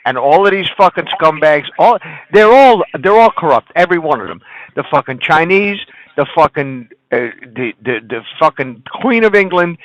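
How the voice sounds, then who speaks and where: A man's voice: fairly high pitch, expressive, normal speed, a bit bright, no echo, dull audio. A man in casual conversation who rants angrily with heavy profanity. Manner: angry, heavily profane ranting.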